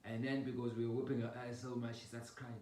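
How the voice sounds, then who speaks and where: Man, casual storyteller, mid pitch, roomy echo, mic far off. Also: fast talker. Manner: animated, laughs while telling, acts out scenes with sound effects. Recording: roomy echo, distant mic, low rumble.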